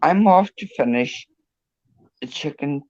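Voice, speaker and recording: A woman's voice: deep voice, animated, slow pace, dark tone. A woman co-hosting a casual livestream chat, often laughing, sighing and groaning. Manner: laughs a lot, groans and sighs. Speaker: co-host. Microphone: video call. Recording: dull lo-fi stream audio.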